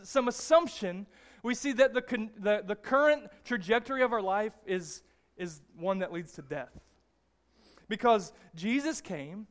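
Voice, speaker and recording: A man preaching a sermon with a fairly high voice for a man, talking in a loose, conversational way. He restarts his phrases often and keeps checking in with the congregation. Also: a bit bright. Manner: conversational, restarts often, frequent "all right?" tags. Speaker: pastor.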